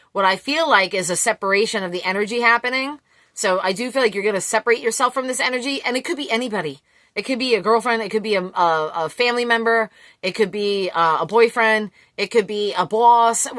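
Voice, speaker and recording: A woman giving a casual collective tarot reading, blunt and quick to swear, laughing often. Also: medium pitch, fairly bright tone, no echo. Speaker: tarot reader.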